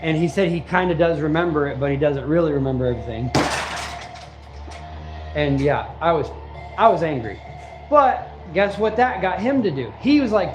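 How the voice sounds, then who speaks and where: A man casually telling a personal story, animated and repetitive, acting out what people said and the punches. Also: on the high side, moderate pace, pauses often, roomy sound, highs cut off, faint music behind.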